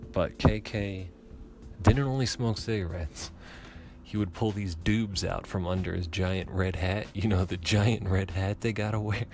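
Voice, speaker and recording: Low-voiced man telling a rambling comic story. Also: vocal fry, a little mellow. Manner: rambling, profane, chatty asides.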